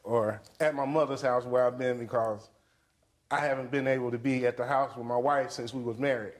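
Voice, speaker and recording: A man's voice: mid-range voice, steady tone, a little fast. A man defending himself in court, explaining with a chuckle. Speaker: husband in a court case. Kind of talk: courtroom testimony.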